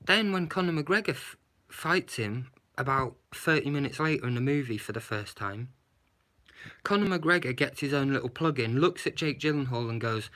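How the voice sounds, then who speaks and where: A man's voice: mid-range voice, expressive, normal speed, a bit bright. A man giving a blunt, sarcastic movie review, swearing and adding "yeah?" to his points. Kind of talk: casual movie review rant.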